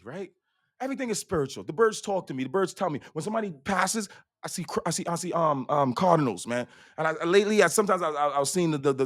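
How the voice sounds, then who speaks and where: A man with a high voice riffs through a profane, rambling stand-up rant, doubling back on his own words. He lurches from loud bursts to near-whispered asides, and the sound is dry and close. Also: dry recording. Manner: profane, rambling, repeats himself; swings between loud bursts and hushed asides. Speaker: stand-up comedian. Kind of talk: stand-up routine.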